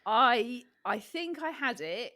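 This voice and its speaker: Husky-voiced British woman, chatty podcast co-host. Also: a little high, expressive, slow pace, sharp tone. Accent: British English. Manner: chatty, swears casually, trails off and restarts. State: husky after illness. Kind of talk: casual chat.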